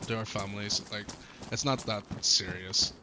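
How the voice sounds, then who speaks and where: A man's voice: on the low side, steady tone, moderate pace. A man with an Irish accent, a streamer chatting casually, rambling with lots of fillers and swearing freely. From Ireland. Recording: noticeable background noise.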